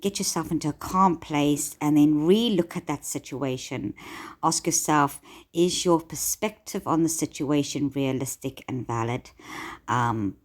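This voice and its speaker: A woman giving conversational self-help advice, gently encouraging, with frequent filler words. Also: sits low, a little slow.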